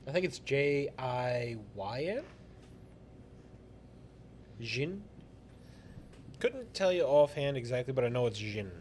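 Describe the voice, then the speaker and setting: A man's voice: medium pitch, lively intonation, slow pace, long pauses, darkish tone, a little hiss or hum. A young man co-hosting a casual podcast, dropping short, dry quips and interjections. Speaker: podcast co-host. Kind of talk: casual chat.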